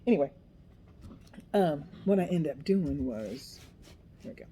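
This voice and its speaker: A woman's voice: low-pitched, lively intonation, a little slow, long pauses, noisy background. A middle-aged woman chatting casually as she works on a craft project, rambling and poking fun at herself as she goes. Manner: chatty, self-deprecating, talks to herself while working. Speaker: craft vlogger.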